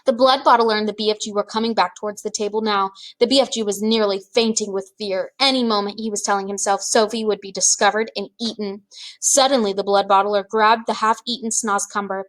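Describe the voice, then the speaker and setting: A woman reading a children's book aloud, with expressive, measured storytelling. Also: mid-range voice. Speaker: reader.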